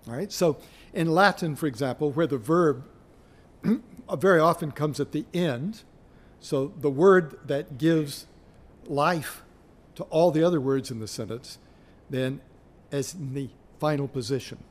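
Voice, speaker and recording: A middle-aged man lecturing on literature at an unhurried pace. His voice sits a little high for a man, and he pauses often as he works through his points. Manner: slow, measured, searching for his place, with pauses. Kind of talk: university lecture.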